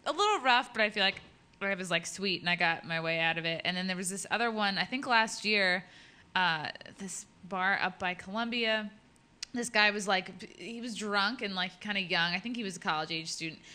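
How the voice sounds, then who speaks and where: A woman's voice: medium pitch, moderate pace, pushed and bright. A woman comedian in casual chat, bluntly telling stories and acting out what people said. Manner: chatty, blunt, acts out quotes.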